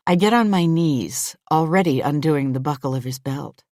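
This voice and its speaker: A woman narrating a first-person thriller audiobook in an intimate, measured storytelling manner. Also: low-pitched, darkish tone, no echo, clean studio sound.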